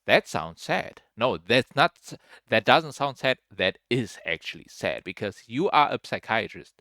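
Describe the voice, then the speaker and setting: A man giving casual reaction commentary as a spiritual commentator, rambling and musing with many fillers and trailing off quietly. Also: medium pitch, big pitch swings, measured pace, no room sound, studio quality.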